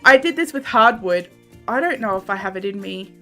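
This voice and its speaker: Australian woman, game streamer, laughs easily, bright forceful tone, casual banter. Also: mid-range voice, lively intonation, a little fast, soft background music. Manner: chatty, laughs often, banters and swears while playing. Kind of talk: casual live-stream chat with viewers. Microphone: desk microphone.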